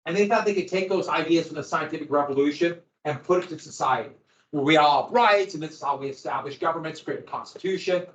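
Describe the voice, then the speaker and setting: Here a man teaches history, talking fast in a fairly high, fairly bright voice. He keeps the classroom lecture loose and conversational for his students, and the audio is an echoey, dull lo-fi capture.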